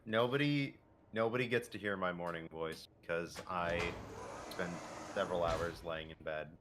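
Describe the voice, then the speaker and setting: A man's voice: deep voice, moderate pace, noisy background. A man on voice chat making dry jokes with his friends during a game stream. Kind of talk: casual voice chat.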